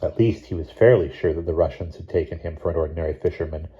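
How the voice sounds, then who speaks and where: A man reading a novel chapter aloud in a measured, steady narration. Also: sits low, dull audio. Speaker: audiobook reader. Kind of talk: scripted narration.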